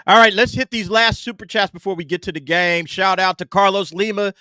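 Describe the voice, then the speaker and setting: A man hosting a casual livestream podcast, reading super chats with quick asides. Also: high voice, steady tone, pushed and bright, smooth, no echo, clean studio sound. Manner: laid-back, reads super chats aloud with quick asides. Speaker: podcast host.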